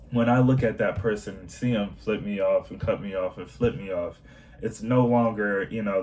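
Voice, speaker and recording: A man's voice: sits low, darkish tone, slight background noise, poor audio. A man talking in a casual self-help monologue, earnest and rambling with many fillers.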